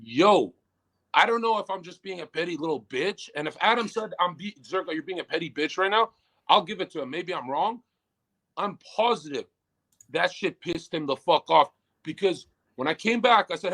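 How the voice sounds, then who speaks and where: A young man, a guest in a casual interview, ranting with lots of swearing and swinging between muttered asides and loud outbursts. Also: sits high, lively intonation, normal speed, poor audio.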